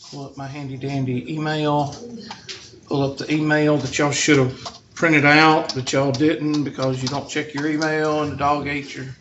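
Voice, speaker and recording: A man lecturing a math class with dry, sarcastic humor. His voice sits a bit high and sounds bright and tense. The recording is dull and lo-fi, with faint noise in the background. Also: flat delivery, normal speed. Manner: sarcastic, joking teacher talk. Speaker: math instructor.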